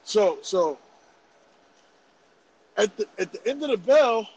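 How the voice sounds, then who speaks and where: A man around forty, telling a story in animated, profane, laughing casual podcast chat. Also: high voice, slow pace, lo-fi sound, a little hiss or hum. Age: about 40. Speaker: podcast host.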